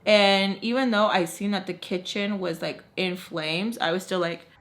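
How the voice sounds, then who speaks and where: A woman's voice: mid-range voice, normal speed. A young adult woman chatting casually in a storytime video, full of "like" and acting out what people said. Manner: animated, heavy use of "like", acts out quotes. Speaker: vlogger telling a story.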